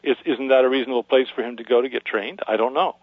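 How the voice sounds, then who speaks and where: A man's voice: medium pitch, fast, no echo. Man, radio caller, nervous, hesitant, skeptical, muffled phone sound. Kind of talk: call-in radio talk.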